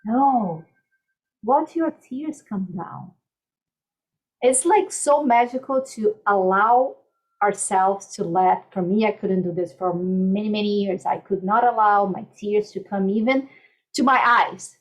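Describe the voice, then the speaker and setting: A woman life coach speaking gently and soothingly in a podcast interview, softly repeating calming mantras. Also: mid-range voice, measured pace, rough recording.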